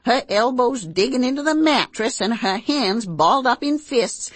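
A blunt, earthy housekeeper in her sixties, as a woman reads her part, telling her tale in first-person audiobook narration. Her husky voice sits low but rises and falls with lively swings as she spins her salty, plain-spoken rural talk. The sound is close and dry. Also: moderate pace, no room sound. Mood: wry.

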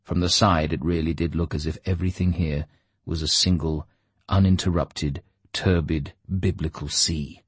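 A man reading an audiobook in a measured, steady storytelling manner. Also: a bass voice, husky, dry recording. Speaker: audiobook narrator. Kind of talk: scripted narration.

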